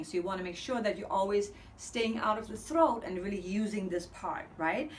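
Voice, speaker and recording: A woman's voice: medium pitch, a little hiss or hum. Upbeat woman vocal coach counting breaths. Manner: counting steadily, upbeat and encouraging. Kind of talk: breathing exercise lesson.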